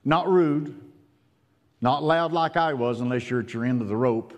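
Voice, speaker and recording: An older man preaching a sermon, telling folksy stories and swinging between loud and hushed. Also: medium pitch, moderate pace. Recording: long reverb, hall.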